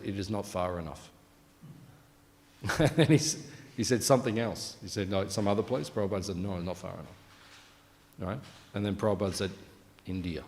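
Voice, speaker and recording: A man's voice: on the low side, darkish tone, long reverb tail. A man giving a morning scripture class, telling anecdotes in a casual way, full of fillers and "right?" asides. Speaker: class speaker.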